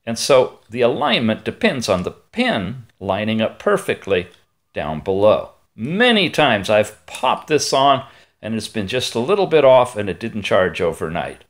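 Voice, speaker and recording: A man giving a chatty hands-on product review, with playful asides and quick digressions. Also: fairly low pitch, sing-song. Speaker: tech reviewer.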